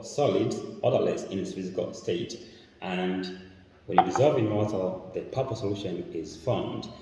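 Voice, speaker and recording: A man with a Tanzanian accent teaches a chemistry class, explaining each step as he works. His voice is low and mellow. It is recorded from a distance in a room with heavy echo and a long reverb tail. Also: slight background noise. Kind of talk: classroom demonstration lesson. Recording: echoey room, mic far off.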